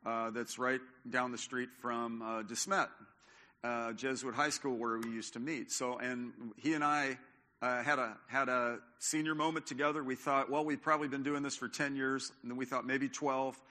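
A man's voice: medium pitch, level tone, normal speed, bright, forceful tone. An older man preaching a sermon as pastor, talking in a conversational way with many fillers and restarts. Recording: long hall reverb.

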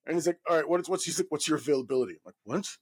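A man in his thirties from New York, a guest actor telling a profane, animated story full of fillers. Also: fairly high pitch, racing, husky. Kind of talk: casual anecdote telling.

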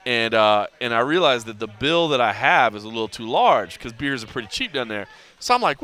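A man's voice: mid-range voice, animated, fairly quick, sharp tone. A man hosting a podcast, telling a story in casual chat and acting out the dialogue with lots of energy. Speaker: podcast host.

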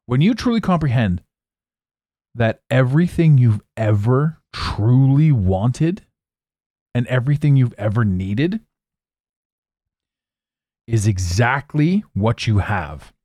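A man's voice: mid-range voice, sing-song, slow, long pauses, warm tone, no room sound. A man hosting a solo podcast, rambling casually, swearing now and then and laughing at his own jokes. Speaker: podcast host.

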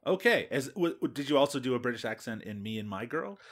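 A man's voice: medium pitch, expressive, fast talker. A man hosting a casual podcast, joking with his guests and reading out news items. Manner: jokey, reads news items aloud. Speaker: podcast host.

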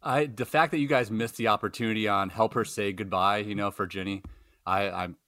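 Male podcast guest, blunt and dry-humored; lower voice, bright, dry close sound. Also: fairly even intonation, a little fast, no room sound. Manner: wry, blunt, swears casually. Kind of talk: casual chat.

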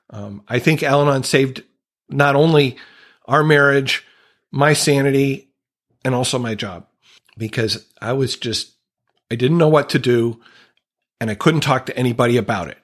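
A man's voice: medium pitch, moderate pace, fairly bright tone. Earnest man telling his recovery story. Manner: earnest, reflective, openly emotional. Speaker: guest sharing recovery story. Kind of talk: candid conversational storytelling.

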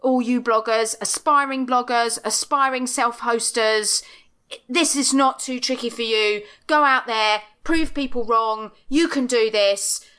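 A middle-aged woman co-hosts a podcast over a video call, her voice bright and pitched a little high. She rants with blunt, emphatic force and swears freely, in a casual chat style. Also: measured pace, clean tone. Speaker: podcast co-host. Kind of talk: passionate casual rant.

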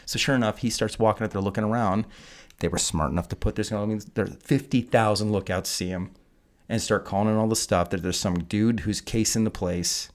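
Deep voiced dude on a podcast, swearing a lot, ranting about a movie like he can't believe it. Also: steady tone, fairly quick. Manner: profane, incredulous ranting. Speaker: podcast host. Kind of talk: casual film review chat.

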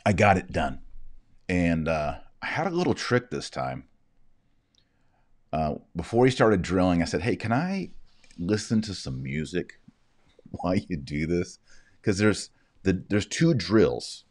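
A man's voice: low voice, sing-song, unhurried, pauses often, darkish tone. A man with a Texan drawl giving casual commentary, his speech slightly slurred from a numb mouth after dental work. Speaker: Catholic commentary host.

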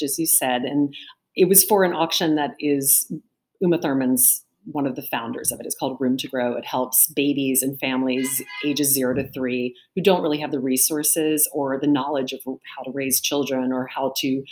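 A middle-aged woman, an auctioneer and author, telling a lively anecdote in an interview over a video call and acting out what people said. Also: low-pitched. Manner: lively anecdotal storytelling, acts out quotes. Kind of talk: storytelling interview answer. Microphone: remote video call.

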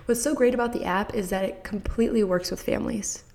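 A woman's voice: mid-range voice, fast, creaky, darkish tone. A woman hosting a podcast who gives parents enthusiastic, encouraging advice and speaks straight to the listener. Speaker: podcast host.

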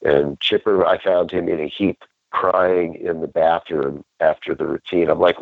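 A man's voice: sits low, unhurried, vocal fry, no room sound, phone-quality sound. A man guest telling a story in a loose, rambling way, often restarting mid-sentence. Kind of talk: casual storytelling.

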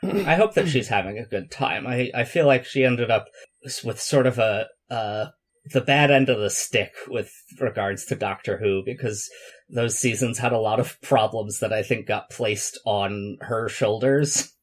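Male co-host, husky tone, wry sarcastic quips, relaxed chat. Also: medium pitch, measured pace. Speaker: podcast co-host. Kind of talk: casual chat.

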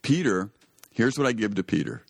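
A man's voice: lowish voice, expressive, normal speed, creaky, darkish tone, dry recording, studio quality. A man hosting a Christian radio talk show, telling a Bible story in an earnest, emphatic way that often rises to exclaim.

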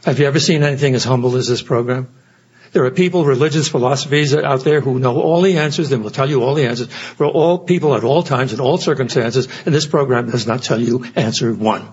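A man's voice: medium pitch, fairly quick, darkish tone, highs cut off, slight background noise. An older man giving an earnest, reflective personal talk at a recovery meeting. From United States. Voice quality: very husky.

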